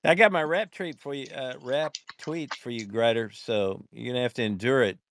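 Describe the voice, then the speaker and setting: A man's voice: medium pitch, moderate pace, a bit bright. A man rambling and joking in a casual voice chat, with lots of filler words.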